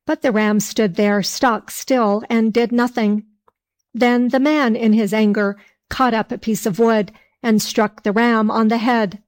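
A woman narrating an old folk tale aloud in a calm storybook reading. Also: medium pitch.

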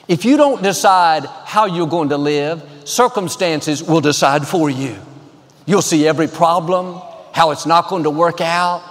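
A man's voice: sits high, normal speed. A man preaching a sermon as a pastor, upbeat and encouraging, with rhythmic repetition. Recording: live hall with long reverb and faint music.

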